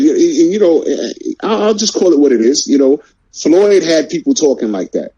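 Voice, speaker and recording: A man's voice: on the high side, lively intonation, brisk, mellow, slightly rough, muffled recording. A man hosting a boxing talk show, fired up, repeating his words and firing off rhetorical questions.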